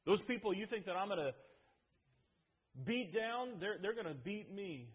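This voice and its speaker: A preacher voicing a calm male teacher, speaking low, quiet and solemn in a husky voice. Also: normal speed, big-room sound. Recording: tinny phone-like sound.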